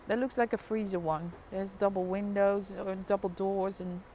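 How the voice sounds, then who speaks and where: A woman's voice: medium pitch, fairly even intonation, moderate pace, mellow, slight background noise. Chatty Dutch woman live-streaming. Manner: chatty, narrates street scene to viewers. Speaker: live vlogger. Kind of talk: casual live-stream chat. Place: apartment window overlooking a city street.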